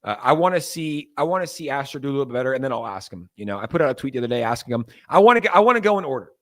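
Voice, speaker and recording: A young man hosting a crypto livestream, talking to viewers in a loose, animated, ranting way. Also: mid-range voice, very fast. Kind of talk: casual livestream talk.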